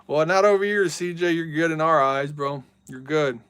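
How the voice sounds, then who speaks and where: Male game streamer, casual and talkative, smooth resonant voice, dry. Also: fairly high pitch, normal speed, no room sound. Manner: chatty, reads out viewer messages, yells at big plays. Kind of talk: casual live-stream chat.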